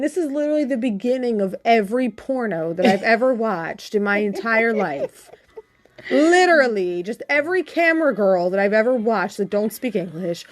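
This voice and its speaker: A woman podcast co-host in casual chat, telling stories in a chatty, expressive way. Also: on the high side, moderate pace.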